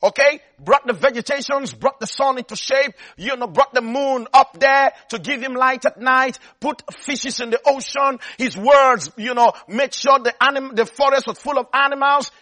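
High bright-voiced male preacher. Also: normal speed, hardly any pauses. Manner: repetitive, building emphasis, checks on listeners. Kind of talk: sermon.

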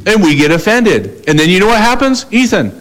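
Male pastor mid-sermon; animated storyteller who plays out conversations, voice a bit high and swooping. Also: fairly quick, low-quality recording. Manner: animated storytelling, acting out both sides of conversations.

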